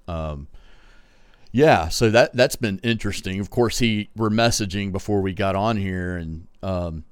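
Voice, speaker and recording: Deep-voiced man with a West Texas drawl. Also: smooth, no room sound. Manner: rambling, many fillers and restarts. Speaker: podcast co-host. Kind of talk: casual chat.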